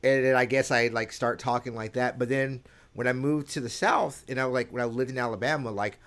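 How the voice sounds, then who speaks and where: A man in casual podcast chat, talking in a halting, rambling way with many "um"s and "like"s. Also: mid-range voice, steady tone, fairly bright tone. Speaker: podcast co-host.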